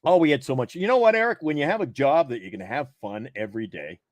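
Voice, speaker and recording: A man's voice: medium pitch, fast, no room sound. A man co-hosting a casual live sports chat show, telling old radio stories with a lot of energy. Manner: storytelling, lively, does voices of people he quotes. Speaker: podcast co-host. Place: home studio, live stream.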